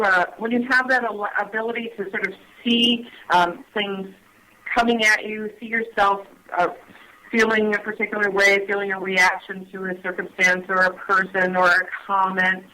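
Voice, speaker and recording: A woman guest on a radio talk show who explains things gently and hesitantly, with many pauses and restarts. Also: mid-range voice, little pitch movement, rough recording. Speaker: guest on mindfulness. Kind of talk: casual radio chat.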